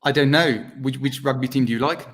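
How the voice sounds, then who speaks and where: A man's voice: medium pitch, a little fast. A man chatting on a video call, an impressionist who keeps slipping into voices. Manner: chatty, animated, slips into impressions. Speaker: impressionist guest.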